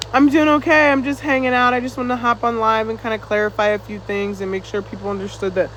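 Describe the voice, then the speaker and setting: A man with a high voice talks loosely to viewers on a phone live stream. He is chatty and a little winded, laughing as he reads their comments. A faint hum of air conditioning sits behind him. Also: a bit bright, poor audio. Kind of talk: casual live-stream chat reading comments.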